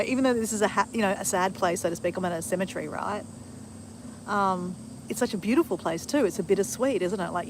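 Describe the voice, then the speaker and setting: A woman's voice: mid-range voice, slight background noise, poor audio. A middle-aged woman talking casually to a live stream on her phone outdoors, rambling and adding "right?" often. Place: outdoors at a bushland cemetery.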